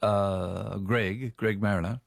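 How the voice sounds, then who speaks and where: A man's voice: fairly low pitch, fairly even intonation, slow, creaky, dry recording. A man with an Australian accent, hosting talkback radio in a folksy, chatty way. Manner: chatty, folksy, reads listener messages aloud. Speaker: radio talk show host. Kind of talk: casual talkback radio chat.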